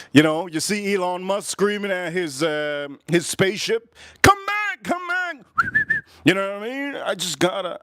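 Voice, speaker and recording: A man hosting a casual livestream whiskey review, talking excitably and rambling straight to his viewers. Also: fairly high pitch, no echo.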